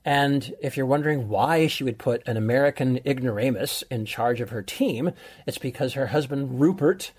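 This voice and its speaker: A man's voice: medium pitch, darkish tone, husky. A middle-aged man co-hosting a podcast, chatting casually and enthusiastically as he recommends a show. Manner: enthusiastic, rambling storyteller. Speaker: podcast co-host, film recommender. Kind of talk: casual chat.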